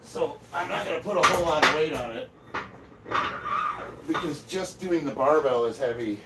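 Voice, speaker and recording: A man's voice: fairly high pitch, normal speed, heavy background noise. A middle-aged man, a strength athlete, chatting casually on a livestream from his home gym, thinking aloud and bluntly with some swearing. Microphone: camera set up across the room.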